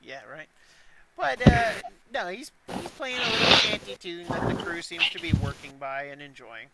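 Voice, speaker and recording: A man's voice: sits high, expressive, moderate pace, heavy background noise. Rambling man running a tabletop game. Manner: loose, rambling narration with many fillers. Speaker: dungeon master.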